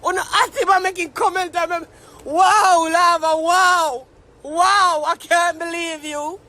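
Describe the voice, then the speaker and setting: A man's voice: extremely high pitch, fairly even intonation, a little slow, pushed and bright. Theatrical young Jamaican man ranting. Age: young adult. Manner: mock-tearful, theatrical, repeats exclamations. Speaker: social media commentator. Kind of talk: live-stream rant.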